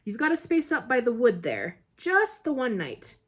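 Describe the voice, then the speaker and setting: A woman's voice: on the high side, huge pitch swings, moderate pace, a bit bright, voice pushed up, heavily acted. A woman doing a blunt, wary campsite keeper. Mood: suspicious. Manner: blunt, suspicious. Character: gruff wary middle-aged male campsite keeper.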